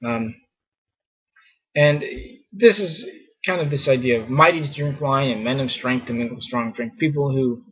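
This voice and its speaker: A man's voice: medium pitch, normal speed, fairly bright tone. A man teaching scripture in a casual, conversational way, full of fillers and mock exasperation. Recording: muffled lo-fi recording.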